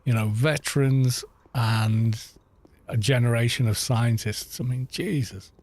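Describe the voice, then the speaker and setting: A middle-aged British man streaming a game from home, drifting from one story to the next at an unhurried, leisurely pace. His voice sits in an ordinary middle pitch and his talk is loose and rambling, with the odd casual swear word. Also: steady tone, a little mellow. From Britain. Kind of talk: casual chat while gaming.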